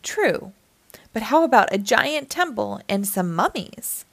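A woman's voice: fairly high pitch, expressive, unhurried, gravelly, no room sound, heavily acted. Woman reading as a cheerful old Santa. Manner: warm, smiling, gently explaining.

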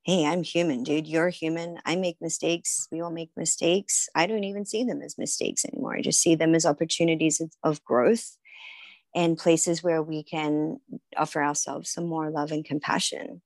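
Low-voiced woman talking reflectively. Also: fairly even intonation, normal speed, a little mellow, dry recording. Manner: reflective, casual, acts out inner voices, laughs often. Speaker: podcast guest, writer and healer. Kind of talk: casual interview talk.

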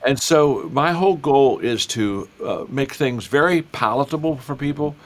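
A man's voice: medium pitch, animated, moderate pace. An older man, a guest author, speaking in a folksy, enthusiastic way with many repetitions. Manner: folksy, enthusiastic storyteller who repeats himself. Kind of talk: interview conversation.

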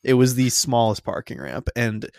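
A young man tells a story in an exasperated, casual way, swearing and laughing as he goes. His voice has a gravelly, fried edge. The sound is close and dry. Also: medium pitch, big pitch swings, normal speed, dry recording. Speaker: podcast co-host.

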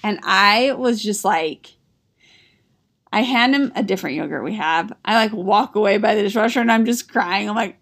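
A woman's voice: fairly high pitch, measured pace, a bit bright. A woman in her thirties, a podcast co-host, chatting casually and telling a story with frequent laughs. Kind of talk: casual chat.

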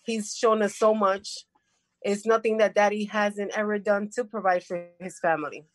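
A woman's voice: medium pitch, fairly even intonation, normal speed, low-quality recording. A woman in her fifties, from New York, giving a heartfelt, tender tribute to her father on a family video call. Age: 50s.

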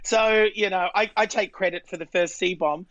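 A man from Australia with an Australian accent, a drag queen guest chatting bawdily over a remote call, laughing and getting loud when retelling stories. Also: high voice, normal speed. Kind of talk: casual interview chat.

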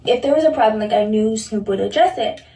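A woman's voice: fairly high pitch, lively intonation, fast, dark tone. A young woman telling a story in casual chat, full of "like" and acting out the lines of others. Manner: chatty, full of "like", acting out quoted speech. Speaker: storyteller in played audio. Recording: echoey, distant recorded clip.

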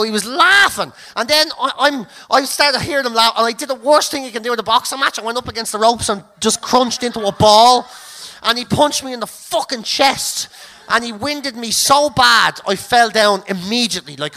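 Male comic, very high voice, bright tone, slow swearing storyteller who shouts and laughs. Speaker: comedian. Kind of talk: storytelling anecdote.

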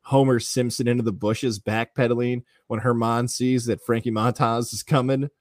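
A man's voice: medium pitch, flat delivery, moderate pace, dry recording. This is a man with a mid-range voice and a confident, punchy delivery. He breaks down the team and reads ads on sports radio. The studio sound is dry and close.

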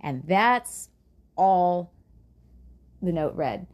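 A woman's voice: on the low side, slow, pauses often, darkish tone. A woman hosting a true crime podcast, telling the story casually with sarcastic asides and swearing.

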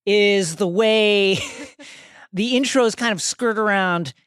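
A man co-hosting a podcast, talking about a series with emphatic, animated delivery and reading quotes aloud. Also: high voice, slow, clean tone, no room sound, studio quality. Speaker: podcast co-host. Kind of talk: casual pop-culture discussion.

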